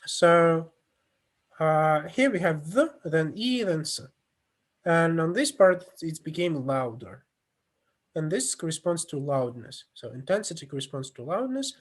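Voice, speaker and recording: Slow-spoken male lecturer, halting delivery. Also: fairly high pitch, expressive. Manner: halting, many fillers and restarts, non-native phrasing. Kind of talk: online lecture with screen demo.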